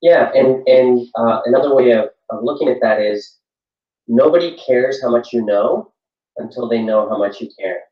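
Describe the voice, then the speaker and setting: A middle-aged man talks through his experience at a parenting workshop, earnest and reflective, often repeating phrases for weight. He sits some way off from the mic, so his voice carries a roomy echo. The recording is dull and low in clarity. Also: normal speed. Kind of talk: workshop talk. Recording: echoey room from far off, dull sound.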